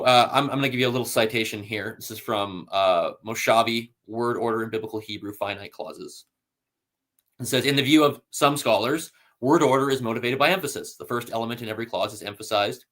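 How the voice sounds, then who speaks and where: A man of ordinary mid-range pitch hosts a casual scholarly talk. He explains step by step, pausing on "uh" and checking in with "right?". He also reads passages aloud from his sources. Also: fairly bright tone. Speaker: host.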